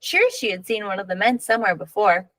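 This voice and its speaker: A woman reading a picture book aloud with expressive storytelling. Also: mid-range voice, fairly quick, dry recording, poor audio. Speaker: reader.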